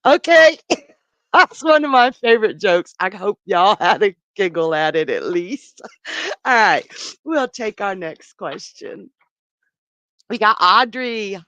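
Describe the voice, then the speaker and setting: Woman, psychic stream host; chatty and giggly, very animated pitch, dry sound. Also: slow, pauses often, no room sound. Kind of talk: live tarot reading stream, casual chat.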